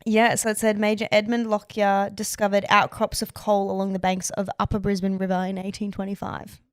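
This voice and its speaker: A woman chats through a podcast, reading facts aloud between fillers. Her voice is smooth and clear. The sound is close and dry. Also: mid-range voice, monotone, a little fast, no echo. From Australia. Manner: chatty, reads facts aloud, many fillers. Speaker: podcast co-host. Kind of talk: casual chat.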